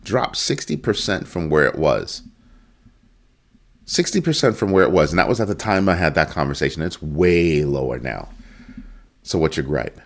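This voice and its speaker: A middle-aged man giving casual solo commentary, emphatic and animated, acting out quotes and breaking into sudden high exclamations. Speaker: crypto news commentator.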